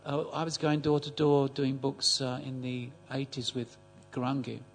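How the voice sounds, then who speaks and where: An older man telling a story in a group class, halting and repeating words as he speaks. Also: medium pitch, level tone, a little hiss or hum. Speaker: class attendee.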